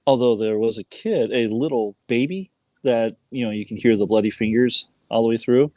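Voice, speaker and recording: A man's voice: mid-range voice, moderate pace, warm tone, no room sound. A man guest telling a joke ending by a campfire outdoors, laid-back and playful.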